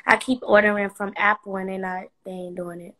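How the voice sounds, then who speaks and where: On a live video chat, a young Atlanta woman teases her mom in playful banter full of Southern slang. Her medium-pitched voice is level and fairly bright, a little fast. The low-quality recording carries a little hiss or hum.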